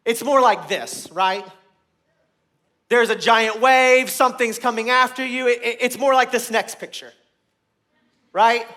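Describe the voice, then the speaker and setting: A man preaching a sermon to a room, earnest and repeating his points, growing loud and emphatic at key moments. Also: very high voice, unhurried, long pauses. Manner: earnest, repeats phrases, restarts words.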